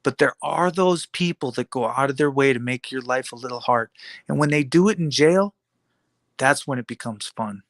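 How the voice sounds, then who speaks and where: A man's voice: mid-range voice, normal speed, dry recording. A man giving a defiant, taunting monologue full of rhetorical questions and repeated phrases. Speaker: video blogger.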